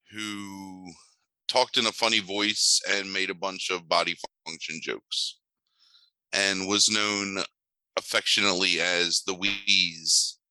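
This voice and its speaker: On a laid-back movie podcast, a male co-host speaks in a low, remarkably forceful voice. His put-downs are dry and sardonic, peppered with lots of ums. The recording is close-miked and dry, with no echo from the room.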